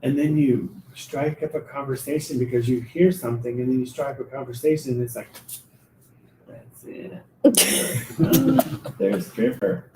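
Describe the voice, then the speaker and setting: A man's voice: mid-range voice, fast, few pauses, noisy background. Man telling stories, echoey distant mic. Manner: animated, acts out dialogue, laughs often. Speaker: spiritual reader on a live show. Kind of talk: casual storytelling.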